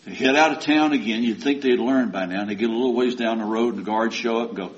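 A man preaches to his congregation, retelling a story in a loose, folksy, conversational way. His voice sits at an ordinary middle pitch. The recording is dull and lo-fi. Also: quick pace. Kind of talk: sermon.

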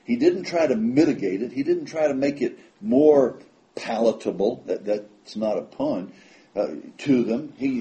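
A man preaching a sermon to his congregation in a conversational way, slowing down and leaning hard on the scripture he quotes. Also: medium pitch, dark tone. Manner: slows down and leans on quoted scripture for emphasis; conversational, with fillers and repeated words. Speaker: pastor.

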